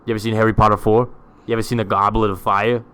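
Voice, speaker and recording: A man co-hosting a podcast in casual chat, bantering in an excitable, joking way. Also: on the low side, very fast, clear, resonant tone. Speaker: podcast co-host.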